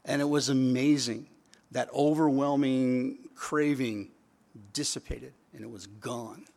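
A man's voice: medium pitch, fairly even intonation, a little slow, gravelly, a little mellow, in a large hall. A man preaching a sermon in a conversational way, with emphatic repeated phrases. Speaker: pastor.

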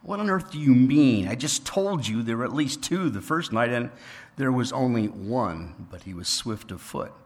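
A man's voice: medium pitch, lively intonation, normal speed, voice pushed up, lightly acted. A man voicing a frightened, self-pitying young boy who pleads and protests in a raised voice. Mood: indignant. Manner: pleading and indignant. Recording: reverberant hall.

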